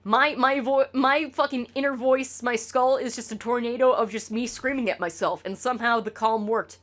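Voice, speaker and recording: A woman's voice: on the high side, fairly even intonation, normal speed, a bit bright. A woman streamer talking casually to her chat, rambling and swearing with lots of stammered restarts.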